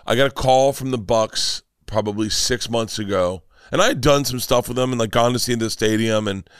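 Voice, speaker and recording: A man in his fifties tells a story as a podcast guest, his voice rising and falling as he gets carried away. He restarts his sentences often and talks in a loose, rambling way. His voice is at a middle pitch and sounds close and dry, with no room echo. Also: normal speed, clear, resonant tone. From Florida, United States. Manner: animated, rambling, emotional storytelling with many restarts. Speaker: comedian guest.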